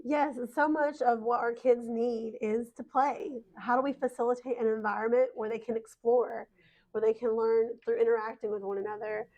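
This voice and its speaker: Earnest woman presenter, slightly high. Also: fairly even intonation, normal speed, lo-fi sound. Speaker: conference co-presenter. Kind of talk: presentation talk.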